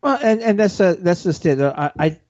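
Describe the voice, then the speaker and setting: A man's voice: sits high, animated, moderate pace, a little mellow. A man, co-hosting a casual radio chat, blunt and ranting. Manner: blunt, ranting, self-deprecating. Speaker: radio show co-host. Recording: dull lo-fi radio audio.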